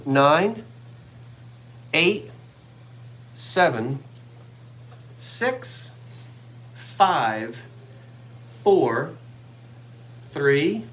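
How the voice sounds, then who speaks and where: A woman from South Jersey with a South Jersey accent, hosting a live online sale and telling stories in a casual, animated way. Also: mid-range voice, a little hiss or hum. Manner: chatty storyteller, animated, laughs easily.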